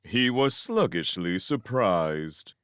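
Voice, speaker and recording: A man narrating a novel in a slow, unhurried way, his low voice rising and falling with lively expression. The reading is dry and close with no room sound. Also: clear, resonant tone, dry recording. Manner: expressive storytelling. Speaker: reader of a novel. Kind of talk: fan audiobook narration.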